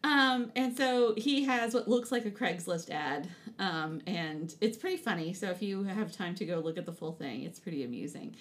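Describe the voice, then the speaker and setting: A woman's voice: fairly low pitch, normal speed, few pauses. A woman co-hosting a podcast in casual chat, giggly and playful with wordplay. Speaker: podcast co-host.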